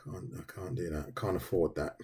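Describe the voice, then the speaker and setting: A middle-aged man chats informally with livestream viewers while drawing, often using "mate." He sounds low-pitched and dark with a breathy edge, keeping a steady tone at normal speed.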